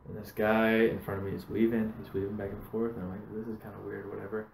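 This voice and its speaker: Animated swearing man in echoey room. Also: on the low side, fast, vocal fry, slight background noise. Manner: swears a lot, animated storytelling. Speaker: podcast host. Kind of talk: casual podcast chat.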